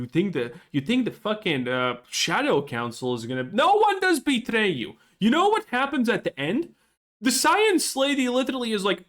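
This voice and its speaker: A man's voice: high-pitched, fairly bright tone. A young man reviewing a video game in an exasperated, profane and sarcastic rant. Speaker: gaming video creator.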